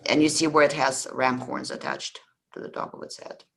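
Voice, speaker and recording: A man's voice: mid-range voice, flat delivery, moderate pace, gravelly, pushed and bright, rough recording. A man hosting a history podcast, talking loosely about ancient beliefs with many ums and restarts. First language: Russian. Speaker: podcast host. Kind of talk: casual history lecture.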